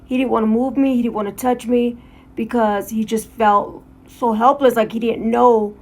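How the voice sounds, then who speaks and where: A woman's voice: a little high, fairly even intonation, normal speed, darkish tone. A woman talking in a candid, emotional, rambling vlog monologue about her own life, recorded at home. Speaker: motorcycle vlogger.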